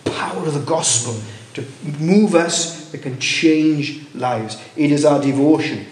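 A man preaching a sermon, telling a story with many restarts and rising excitement at its loud moments. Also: a little high, roomy sound, a little hiss or hum. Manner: halting, many restarts, rises when telling of shouting.

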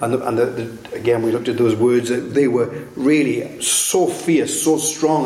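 A male preacher delivers a sermon in a noticeably echoey room, his voice sitting at an ordinary middle pitch. He talks in halting bursts, restarting phrases and tossing in tag questions as he goes. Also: fairly even intonation, warm tone.

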